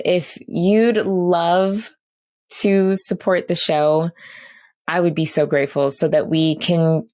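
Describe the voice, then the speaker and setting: Slow, low-voiced gushing podcast woman. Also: steady tone, darkish tone. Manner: gushing, earnest, repeats herself. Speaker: podcast host. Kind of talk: casual podcast sign-off.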